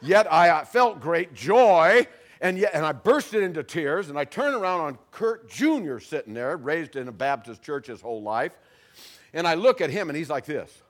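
Older guy telling his faith story to a crowd, voice jumps all over, goes quiet then loud. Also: a little high, normal speed. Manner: animated storyteller, swings from hushed to loud. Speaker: speaker giving testimony. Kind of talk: personal testimony to an audience.

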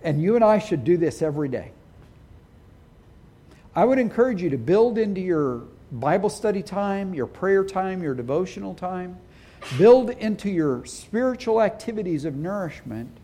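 A man's voice: sits high, dark tone. A middle-aged man preaching a sermon as pastor, speaking earnestly and with emphasis.

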